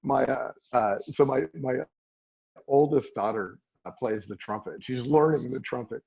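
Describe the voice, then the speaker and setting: Gravelly, husky comedian on dull audio. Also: male voice, mid-range voice, normal speed. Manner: relaxed, self-deprecating, trailing restarts. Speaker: interview guest, comedian. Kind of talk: casual interview chat.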